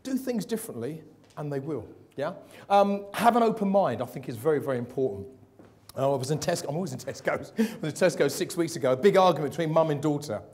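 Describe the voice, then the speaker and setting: Lively male keynote speaker, fairly high voice, animated and jokey, quizzes the crowd. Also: fast. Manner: lively, jokey, asks the audience questions. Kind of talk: motivational keynote talk to a live audience. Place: event hall with an audience.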